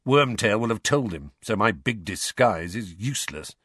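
A man voicing a sarcastic, bitter middle-aged godfather in a low, drawling voice. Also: expressive, normal speed, fairly bright tone, breathy edge, no room sound, clean studio sound.

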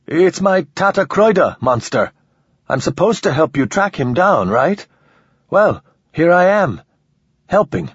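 A man voicing a desperate, quick-tempered man who talks urgently and with rising anger, in a husky voice. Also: mid-range voice, big pitch swings, no echo, pitched above the performer's own voice, exaggerated voice. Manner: urgent, pleading and angry. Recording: slightly dull lo-fi recording.

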